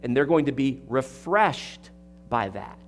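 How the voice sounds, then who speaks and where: A man's voice: mid-range voice, expressive, measured pace. A male pastor preaching an expository sermon, emphatic, repeating words and asking the congregation rhetorical questions.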